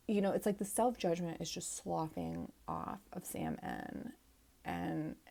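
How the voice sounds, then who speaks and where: A woman's voice: fairly low pitch, vocal fry, mellow. A woman in her thirties hosting a show recap in casual solo chat, rambling and opinionated with lots of fillers and restarts. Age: 30s. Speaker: podcast host recapping a reality show.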